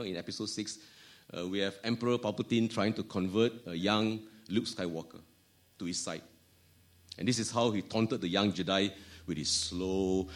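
A man with a Malaysian English accent delivers a sermon in a slightly low voice. He restarts phrases often, repeating words along the way, and lets his key lines sink to a near hush. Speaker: preacher.

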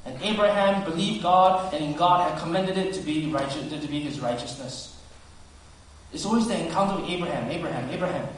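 An earnest male preacher, his fairly high voice ringing around a large church hall. He stands some way from the mic, and a faint hiss sits under his words. He presses his points loudly, then drops into soft asides. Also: brisk. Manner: earnest, swings between loud emphasis and soft hushed asides. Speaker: pastor. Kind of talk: sermon. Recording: very echoey hall, speaker far from mic.

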